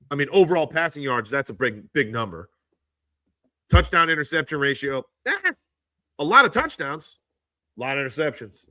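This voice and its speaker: A livestream host gives casual commentary into a handheld phone, ranting in exasperation with a bright, forceful tone. His pitch jumps sharply upward whenever he gets indignant. The sound is dry and close, with no room sound at all.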